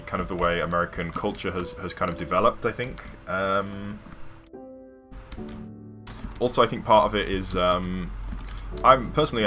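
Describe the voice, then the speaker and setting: A man's voice: low-pitched, pushed and bright. A man live-streaming a building game, chatty and rambling, with playful sound-effect interjections. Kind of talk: casual live game commentary.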